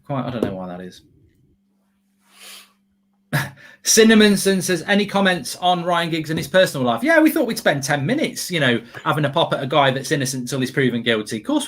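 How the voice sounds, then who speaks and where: An English man with a slightly high voice co-hosts a live football watchalong. His pitch swings widely as he rants and swears casually between match updates. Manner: animated, ranting, swears casually.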